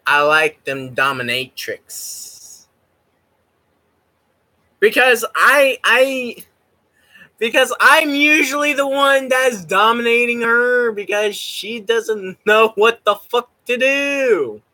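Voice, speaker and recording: Male streamer, high lively voice, giggly rambler, unhurried delivery. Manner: rambling and giggly, swears freely. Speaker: livestreamer. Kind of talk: casual stream chat.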